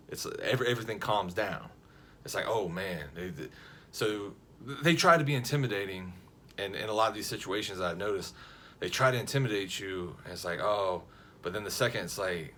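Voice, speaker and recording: A man casually telling a funny story to camera, lively and jokey, acting out the other people's lines as he goes. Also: on the low side, a little fast, a little hiss or hum. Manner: animated, jokey, frequent restarts and quoted voices.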